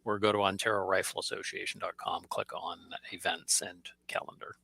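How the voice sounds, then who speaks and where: A man with a low, gravelly voice and a bright, forceful edge co-hosts a casual talk show. He packs his event announcements with details and delivers them with energy. The sound is dry and close. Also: level tone, brisk, dry recording. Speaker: co-host. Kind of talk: casual chat. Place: studio.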